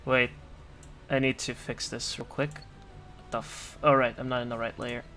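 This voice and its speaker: A man's voice: medium pitch, flat delivery, normal speed, sharp tone, soft background music. A man running a tabletop game as game master, rambling and swearing casually while he sets up the map.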